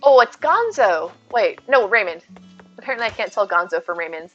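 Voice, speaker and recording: A woman livestreaming from home, chatting with her viewers in an excitable, over-the-top way. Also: mid-range voice, brisk, dull audio, soft background music. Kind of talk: casual live game stream chat.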